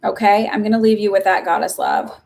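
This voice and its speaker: Woman, live-stream psychic reader, mid-pitched voice with vocal fry, chatty and reassuring. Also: fairly quick, darkish tone. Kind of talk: casual live-stream reading.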